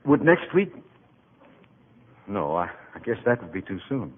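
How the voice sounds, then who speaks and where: Cast: a bashful stammering doctor, low but lively, tinny old radio. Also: male voice, a little slow. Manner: hesitant, stammering. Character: shy, stammering young country doctor, a man. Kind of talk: 1940s radio acting. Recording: tinny old radio broadcast with faint hiss.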